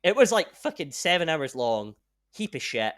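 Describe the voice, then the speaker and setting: A young man hosting a podcast in casual chat, rambling and excitable and swearing freely. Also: on the high side, normal speed. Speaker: podcast host.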